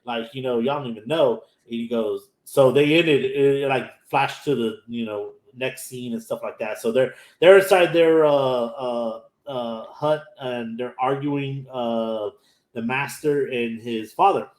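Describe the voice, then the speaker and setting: A laid-back American man recaps a show in a casual, rambling way, with lots of "like" and "you know" as he acts out what the characters said. His voice sits at an ordinary middle pitch. The room gives it a noticeable echo. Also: slow. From Houston, Texas. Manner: loose storytelling full of "like" and "you know", acting out characters' lines. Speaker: anime podcast host. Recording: roomy echo.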